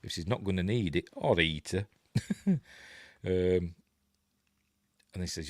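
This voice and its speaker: A man's voice: deep voice, lively intonation, slow, long pauses, dry recording. A middle-aged man with a Yorkshire accent hosting a rambling, chuckling film breakdown, going off on tangents as he talks. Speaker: film review host. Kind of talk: casual film commentary.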